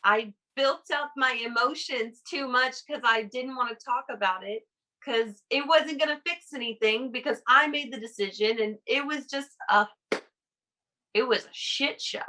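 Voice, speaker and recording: A woman's voice: sits high, moderate pace, sharp tone, low-quality recording. A woman on a casual podcast, telling a personal story in a rambling way, laughing between phrases. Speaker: guest.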